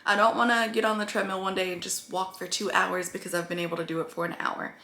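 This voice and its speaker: A woman's voice: medium pitch, little pitch movement, fast talker, pushed and bright, roomy sound. A woman talking earnestly to her viewers in a rambling vlog about her weight-loss progress. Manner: earnest, rambling, tearful at times. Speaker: vlogger.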